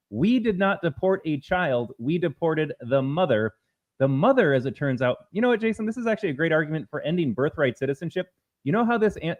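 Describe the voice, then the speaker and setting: A man's voice: a little high, a little mellow. Man co-hosting a political stream, argumentative, muffled lo-fi audio. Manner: emphatic, argumentative. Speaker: co-host. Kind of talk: political commentary show.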